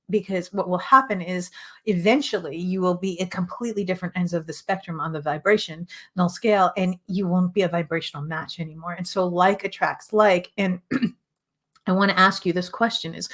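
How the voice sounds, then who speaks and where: A middle-aged woman hosting a show and teaching about relationships in an earnest, repetitive way, her voice a little hoarse as she is losing it. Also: on the low side, fairly bright tone. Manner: earnest, repetitive, with frequent "right?" asides. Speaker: host and relationship coach. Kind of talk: motivational teaching monologue.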